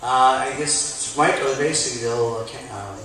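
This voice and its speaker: A man's voice: mid-range voice, fairly even intonation, a little fast, a bit bright, a little hiss or hum. A man in the audience telling a long personal story before asking his question, chatty and rambling. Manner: chatty, storytelling, quotes others. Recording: echoey hall, recorded from far off.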